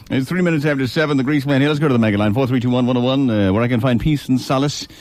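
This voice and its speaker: A man's voice: mid-range voice, fast talker, dry recording. A man hosting a comic radio show, wisecracking and irreverent, telling stories and taking calls. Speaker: radio host. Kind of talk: comic radio storytelling and call-in chat. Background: loud music.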